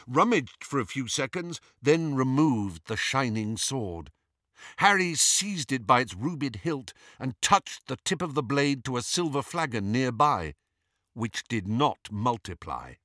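A man's voice: mid-range voice, animated, unhurried, bright, forceful tone, dry recording, clean studio sound. A man narrating a fantasy story aloud in a dramatic, suspenseful way. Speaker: audiobook narrator.

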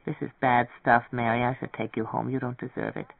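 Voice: medium pitch, moderate pace, gravelly, no echo. A reader doing a bitter, gaunt young man. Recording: tinny, dry radio broadcast.

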